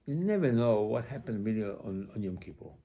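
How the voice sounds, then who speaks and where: A male rabbi preaching an animated sermon, firing rhetorical questions and acting out quoted lines. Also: on the low side, fairly quick, slight background noise.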